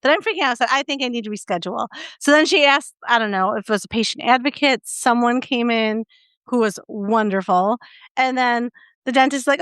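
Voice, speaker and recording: A woman's voice: fairly high pitch, brisk, fairly bright tone, clean tone, dry recording. A young adult woman co-hosting a podcast in casual chat, telling a story animatedly with lots of fillers and acted-out quotes. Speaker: podcast co-host.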